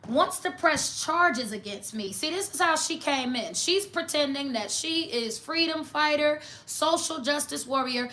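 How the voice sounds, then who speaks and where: A woman's voice: high voice, expressive, measured pace, few pauses, pushed and bright, reverberant. A woman doing a casual tarot reading for viewers, talking in a blunt, mocking, sassy way. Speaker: tarot reader.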